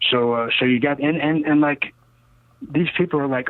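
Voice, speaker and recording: This is an older man in his sixties, heard over a narrow, phone-like line with a dry sound. He tells long, winding stories as a guest, emphatic and cynical. He keeps punctuating them with "okay?" and "you know," and his pitch sits in an ordinary middle range. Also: moderate pace, no room sound. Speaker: rocket builder interviewed as guest. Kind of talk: casual rambling storytelling interview.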